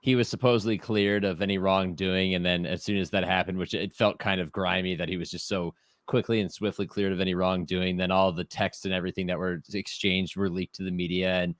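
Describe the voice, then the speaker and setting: A young man co-hosting a sports podcast, excitable and joking, rambling as he talks. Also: low-pitched, brisk, no echo, clean studio sound. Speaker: podcast co-host. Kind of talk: casual sports podcast chat.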